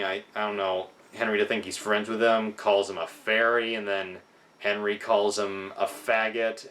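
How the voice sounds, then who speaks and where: A man's voice: fairly low pitch, a bit bright. A young man reviewing a film in a casual vlog, sounding frustrated as he criticizes it. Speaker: movie reviewer.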